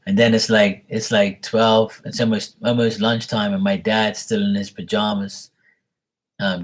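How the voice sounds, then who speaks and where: Man, husky voice, lowish pitch, rambling livestream chat, swears a lot. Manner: exasperated, rambling, swears freely. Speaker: live tarot reader.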